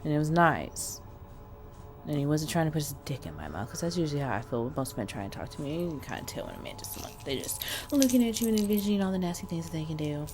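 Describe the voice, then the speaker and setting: Lively, chatty woman vlogger. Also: low-pitched, fast, music in the background. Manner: expressive, chatty, talks to viewers as y'all. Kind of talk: casual storytelling to camera.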